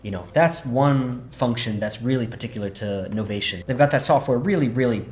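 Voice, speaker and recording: A man's voice: mid-range voice, brisk, soft background music. Casual man demoing a synth. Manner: relaxed, says "right?" a lot. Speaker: synth demo host. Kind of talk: casual instructional demo. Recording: roomy echo.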